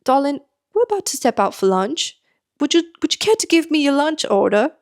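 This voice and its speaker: A woman's voice: high voice, big pitch swings, fairly quick, pitched above the performer's own voice. A woman putting on a British accent to play an overly polite, posh coworker offering to take lunch orders in a sing-song way. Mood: doting. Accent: British, as put on.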